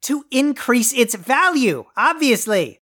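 A woman's voice: high voice, very animated, slow, fairly bright tone, full character voice. A smug ousted evil overlord guy, grand and haughty, comedy audio play. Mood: grandiose. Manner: grandiose, haughty and theatrically dry. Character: pompous deposed male evil overlord, greedy and scheming.

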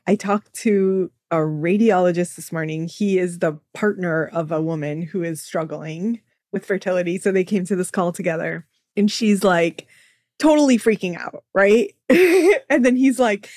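A woman doctor appearing as a podcast guest, speaking in an animated, chatty way and laughing often. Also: on the low side, moderate pace, dry recording, studio quality. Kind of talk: casual interview chat.

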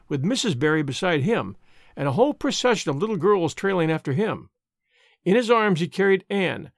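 Guy reading an audiobook, higher voice, lots of swing in it. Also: vocal fry, dry recording, studio quality. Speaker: audiobook narrator. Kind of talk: audiobook narration.

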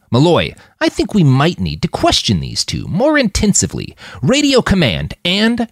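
A man narrating his own fiction with expressive, scripted storytelling. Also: on the low side, no room sound, clean studio sound. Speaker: author and narrator.

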